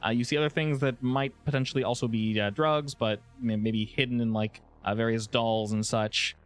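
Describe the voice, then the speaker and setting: A man's voice: medium pitch, moderate pace. A man acting as game master, narrating the scene with many fillers. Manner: lively, filler-heavy narration.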